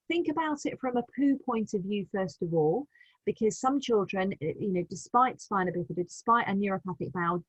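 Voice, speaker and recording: British woman, patient advisor, gentle explaining, breathy tone, dry close sound. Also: mid-range voice, no echo, rough recording. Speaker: continence advisor. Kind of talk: live online advice session.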